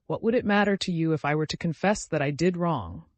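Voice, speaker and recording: A man's voice: on the high side, brisk, no room sound, voice pushed up, natural voice. A man voicing a tormented young man confessing a murder, speaking in an anguished, pleading way.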